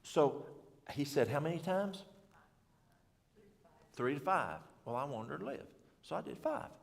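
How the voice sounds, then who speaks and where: A man's voice: mid-range voice, very animated, normal speed, creaky. A middle-aged man giving an informal health talk at a church, rambling in a folksy way and correcting himself as he goes. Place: church hall. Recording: long hall reverb.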